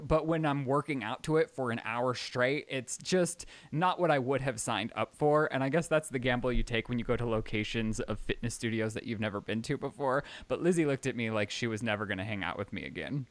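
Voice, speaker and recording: A man's voice: medium pitch, no echo. A young man co-hosting a casual podcast chat, teasing and telling stories with lots of energy. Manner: chatty, teasing, animated storytelling. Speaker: podcast co-host.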